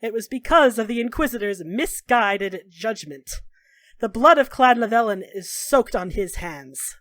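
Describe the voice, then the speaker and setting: A grave, formal older elf elder, stern and accusing, delivered low and quiet, as a woman game master puts him on. The recording is dry and close. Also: animated, measured pace, no echo. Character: tall bony older male elf keeper, stern.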